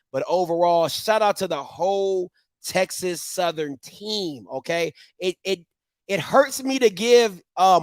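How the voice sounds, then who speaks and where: A man hosting a casual sports show, talking in an animated, slangy way and dropping into low mutters between bursts of hype. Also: no echo.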